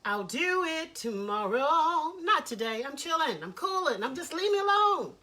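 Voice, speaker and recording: Woman storyteller putting on a carefree, stubborn male rabbit, high and dismissive. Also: big pitch swings, normal speed, sharp tone, heavily acted. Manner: drawling, dismissive.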